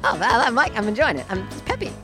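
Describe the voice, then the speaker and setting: A man's voice: very high-pitched, sing-song, fast. A man interviewing a storyteller, reacting with incredulous, joking remarks. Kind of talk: casual conversation. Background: background music score.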